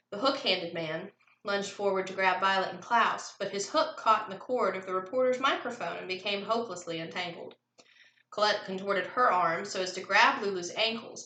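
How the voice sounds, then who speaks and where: Woman teacher, read-aloud storytelling, bright tone, roomy echo. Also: medium pitch, a little hiss or hum. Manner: lively character voices while reading. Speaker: fourth grade teacher. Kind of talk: reading a novel aloud to a class. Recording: echoey room.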